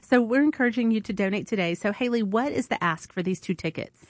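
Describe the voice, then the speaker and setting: A woman's voice: medium pitch, fast, no echo, studio quality. A woman hosting an on-air fundraiser at a community radio station, chatty and upbeat. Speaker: public radio host. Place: radio studio. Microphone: studio microphone.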